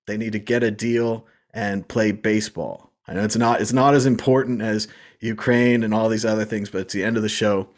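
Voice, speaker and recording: A man's voice: lowish voice, steady tone, fairly quick. A man hosting a casual panel chat, wry and emphatic, repeating his points. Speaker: show host.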